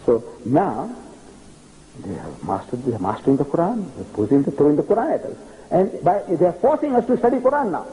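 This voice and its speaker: An older man, giving an animated public religious lecture and telling stories with acted-out dialogue. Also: on the high side, brisk, slight background noise, poor audio. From South Africa. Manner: animated storytelling, acting out dialogue. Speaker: preacher.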